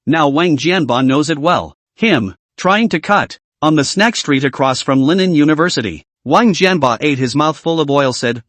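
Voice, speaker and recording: A man's voice: a little high, a bit bright, dry recording. A man narrating a comic story recap in a scripted reading.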